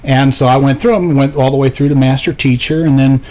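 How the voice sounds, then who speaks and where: A man's voice: medium pitch, steady tone, a little fast, a little mellow. A man chatting as a studio guest on a couch, an easygoing storyteller who jokes around. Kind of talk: casual chat.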